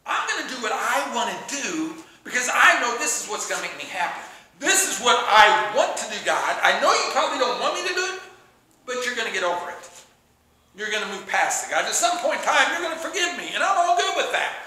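A man plays a stubborn believer who argues his own way to God. His voice stays lively and self-justifying, and it carries through a very echoey room. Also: extremely high pitch, quick pace, hardly any pauses, heavily acted.

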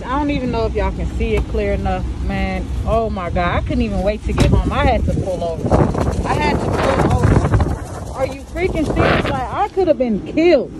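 Agitated young woman ranting outdoors. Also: a little high. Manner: agitated, rambling, repeats herself. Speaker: vlogger. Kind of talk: shaken car vlog rant. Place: in or by a car on a road. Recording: outdoor road noise.

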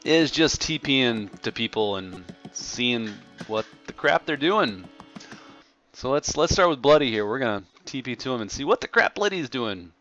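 A man's voice: mid-range voice, lively intonation, normal speed, fairly bright tone, lo-fi sound, soft background music. A man hosting and chatting casually over gameplay, upbeat and rambling with plenty of fillers. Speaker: server host and gaming commentator.

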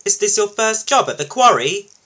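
A man's voice: medium pitch, expressive, measured pace, sharp tone, breathy edge, exaggerated voice. A man voicing a friendly, cheerful young steam engine in a storybook reading.

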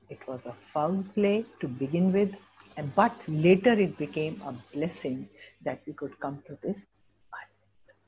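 A woman's voice: sits low, dark tone, husky, highs cut off. A woman with an Indian accent teaching English literature to a class, asking students questions and mixing in Hindi phrases. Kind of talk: classroom lesson.

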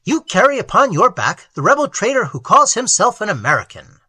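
A man reading aloud voices a sentry, a guard who challenges loudly and then begs in terror, in a strained high voice. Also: wildly swooping pitch, fairly quick, husky, no echo, full character voice. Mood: harsh challenge. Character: sentry, adult man, hostile then terrified.

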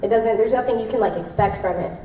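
A woman's voice: on the high side, quick pace, mellow. A young woman voice actress at a convention panel, answering fan questions in a bubbly, rambling way with lots of fillers and laughter. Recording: echoey convention room, distant, faint noise.

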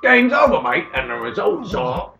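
A man's voice: high voice, wildly swooping pitch, normal speed, sharp tone, heavily acted. A man voicing a cocky male ghost who lives in a jar, taunting with mock British slang. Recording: roomy echo, faint game music.

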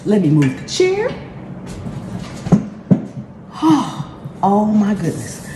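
A woman's voice: medium pitch, slow pace. A woman hosting a cooking channel, talking through an unboxing in a casual, effusive way and exclaiming often. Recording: roomy with steady background noise.

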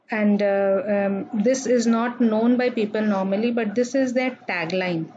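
A woman's voice: fairly high pitch, darkish tone. A woman giving a recorded grammar lecture, explaining patiently with fillers and repetition. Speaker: English grammar teacher. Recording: dull lo-fi recording with faint noise.

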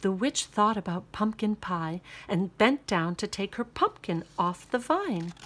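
A woman reading a children's picture book aloud with expressive, sing-song narration. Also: mid-range voice, a little slow, few pauses. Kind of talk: storybook read-aloud.

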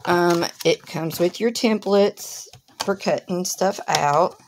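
There's background noise as a woman with a lowish voice walks her viewers slowly through an unboxing. She hosts a crafting channel and keeps it chatty and instructive, speaking directly to them.

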